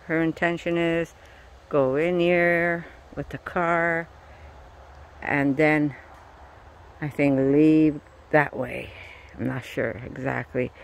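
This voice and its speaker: A woman's voice: deep voice, slight background noise. Middle-aged woman vlogger, winded, rambling walk-and-talk outdoors, faint ambience behind. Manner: rambling, breathy asides while walking. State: tired and out of breath. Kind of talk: casual walking vlog. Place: outdoors in woods.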